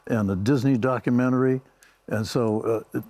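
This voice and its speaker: An older man, a veteran musician guest, speaking slowly and haltingly with a thankful tone. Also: medium pitch, steady tone, a little mellow. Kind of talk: casual chat.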